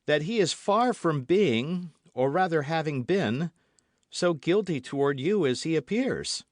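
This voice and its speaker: An ardent young swordsman, gallant and earnest, pleading in a caressing tone, as the narrator voices him. The voice rides higher than the reader's own and moves with lively inflection. It is recorded dry and close. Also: measured pace, no echo.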